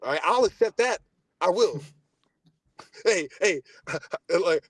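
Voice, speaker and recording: Young male podcast host, high and lively pitch, boastful and profane rant, dry close sound. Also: slow pace, husky, no room sound. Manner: animated, boastful, profane, swings between loud and low mutters. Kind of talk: heated casual podcast rant.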